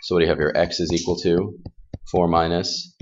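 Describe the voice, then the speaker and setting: A man teaching a calculus class in a classroom, casual and self-deprecating, firing quick questions at his students. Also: deep voice, flat delivery, dull audio, slight background noise. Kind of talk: classroom math lesson.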